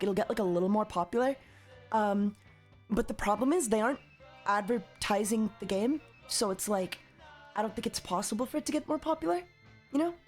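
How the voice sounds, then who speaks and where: A woman's voice: mid-range voice, a little mellow. A young woman streamer chatting casually with her live chat in a playful, teasing way, with sing-song repeated greetings.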